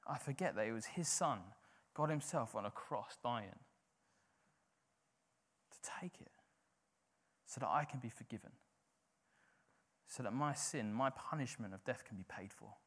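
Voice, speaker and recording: A man's voice: medium pitch, animated, unhurried, long pauses, a bit bright. A man preaching a sermon in an informal, conversational way, often filling with "like".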